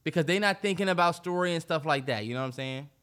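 A man's voice: fairly high pitch, fast talker, a bit bright. A man co-hosting a podcast in casual chat, laid-back and easygoing with plenty of slang. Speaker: podcast co-host.

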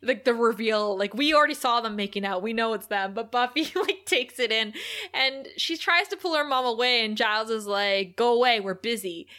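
A woman co-hosting a podcast, chatting casually as she recaps a TV episode, animated and laughing often. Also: fairly high pitch, normal speed. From Canada. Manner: chatty, animated, laughs a lot, many likes. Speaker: podcast co-host.

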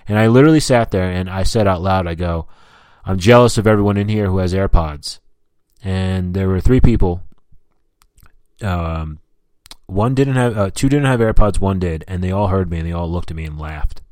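A man's voice: low-pitched, normal speed, darkish tone, no echo, studio quality. A man hosting a solo talk, ranting about daily annoyances with heavy swearing and mocking asides. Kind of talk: solo profane rant.

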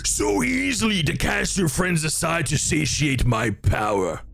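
A man voicing a mighty male demon stuck in a bunny's body, speaking in a very deep, grandiose voice. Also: wildly swooping pitch, unhurried, vocal fry, fairly bright tone, soft background music, heavily acted. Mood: menacing. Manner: menacing and grandiose, then flustered.

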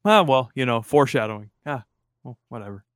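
A man co-hosting a casual podcast, relaxed, trailing off into wry asides. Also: mid-range voice, brisk, no echo, clean studio sound. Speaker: podcast co-host. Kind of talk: casual chat.

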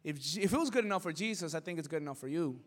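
A male pastor preaching a sermon, asking rhetorical questions and building to loud emphatic peaks. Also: a little high, lively intonation, rapid-fire, big-room sound.

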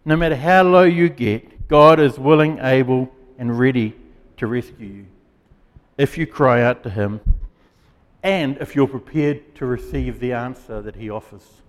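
A man preaching a sermon as pastor, earnest and emphatic, with dramatic pauses. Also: medium pitch, long reverb tail.

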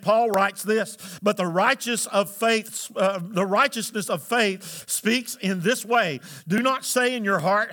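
A man preaching from the pulpit in a bright, forceful voice. He calls out to the congregation for answers and climbs into shouted emphasis. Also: high voice. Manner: preaching with call-and-response, rising to shouts. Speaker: pastor. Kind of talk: sermon.

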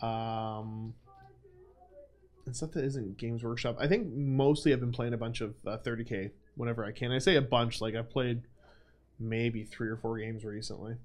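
A man's voice: mid-range voice, steady tone, moderate pace. Young male stream host, casual Q&A, self-deprecating, filler-heavy. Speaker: livestream host. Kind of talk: casual livestream Q&A chat.

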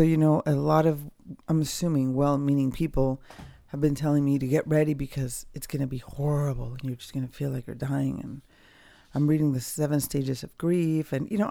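A woman hosts her own podcast from home, speaking in a loose, candid and reflective monologue. Her voice has a gravelly, mellow texture, and she often trails off, restarts and fills pauses. The sound is close and dry. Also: extremely low pitch, no room sound. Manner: candid, rambling, with frequent fillers and restarts. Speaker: podcast host. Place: at home, dogs nearby.

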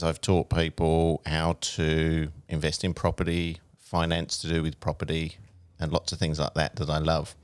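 A man's voice: deep voice, no echo. A middle-aged man hosting a studio interview, talking in a conversational way with fillers and restarts. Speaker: show host.

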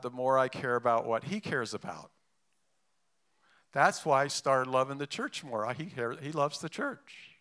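Man pastor, sermon delivery, bright and clear voice, talky and animated. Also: on the high side. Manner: conversational, animated, with restarts and asides.

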